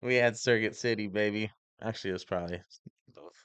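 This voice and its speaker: A man's voice: lowish voice, fast, a bit bright, clean tone, no room sound. A man co-hosting a podcast in casual chat, laid-back, swearing and laughing often. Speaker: podcast co-host.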